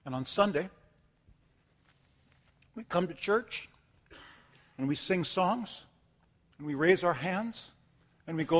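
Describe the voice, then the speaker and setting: In a church sanctuary with long hall reverb, a pastor with a high voice preaches slowly, leaving long pauses and using lively intonation. He tells a dramatic story with acted asides, building up to impassioned emphasis.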